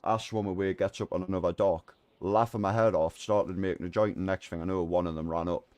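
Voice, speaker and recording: A man, streaming and chatting casually, telling a lively anecdote full of swearing. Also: sits low, brisk. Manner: animated storyteller, swears a lot, acts out voices in anecdotes. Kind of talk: casual gaming chat and storytelling.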